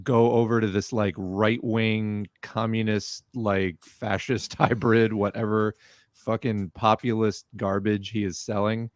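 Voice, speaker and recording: A man's voice: lowish voice, level tone, measured pace, no room sound. Blunt, exasperated man, dry sound. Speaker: video commentator. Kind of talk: political reaction commentary.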